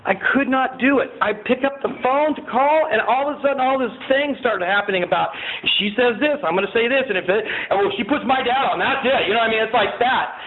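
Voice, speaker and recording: A man giving a personal testimony at a recovery meeting. He tells his story in an animated way, swinging from loud excitement to quiet earnestness. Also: very high voice, fast talker, few pauses. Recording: tinny lo-fi recording with faint hiss.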